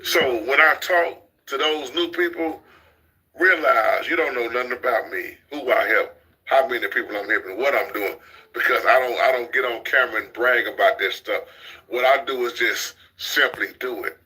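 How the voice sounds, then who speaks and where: Blunt, bright-voiced man. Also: medium pitch, normal speed, rough recording. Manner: blunt, preachy, repeats himself. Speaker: commentary channel host. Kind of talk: casual commentary chat.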